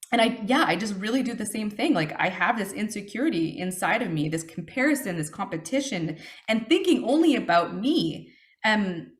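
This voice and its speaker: A woman in her thirties giving a personal recovery testimony, earnest and reflective, with frequent fillers and restarts. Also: mid-range voice. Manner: earnest and reflective, with many fillers and self-corrections. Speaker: speaker sharing her recovery story.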